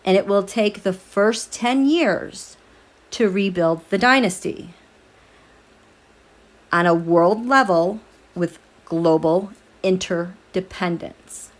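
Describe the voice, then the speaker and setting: A woman hosting a tarot livestream at night, chatting casually with viewers, animated, laughing often and reading their comments aloud. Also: medium pitch, slow pace. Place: home, at night.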